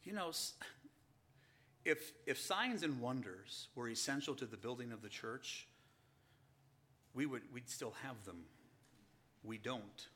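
A man's voice: mid-range voice, lively intonation, unhurried, long pauses, pushed and bright. A man preaching a sermon to his congregation, calling them saints and asking and answering his own questions. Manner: preaching, asks and answers rhetorical questions, rises to emphatic passages; addresses listeners as saints. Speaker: pastor.

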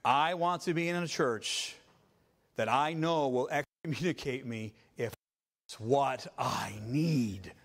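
A male pastor preaching a sermon, emphatic, repeating his points and building to loud climaxes. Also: mid-range voice, takes it slowly.

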